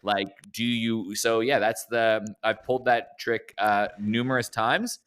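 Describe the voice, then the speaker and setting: A man's voice: on the low side, steady tone, a little slow, fairly bright tone, slight background noise. A man with a Canadian accent hosting a casual podcast chat over a remote call, jokey and self-mocking. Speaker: podcast host. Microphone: remote call mic.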